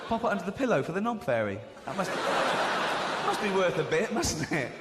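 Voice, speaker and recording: An English man doing a stand-up comedy set, swinging into high squeaky exclamations and quick impressions. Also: big pitch swings. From England. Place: large theatre stage before a laughing audience. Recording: live hall recording with audience noise.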